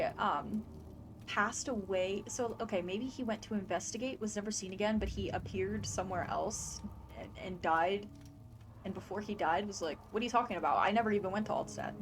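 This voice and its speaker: Chatty woman gamer thinking out loud. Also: on the high side, background noise. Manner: chatty, wondering aloud, easily startled. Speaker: gaming streamer. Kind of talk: let's play commentary.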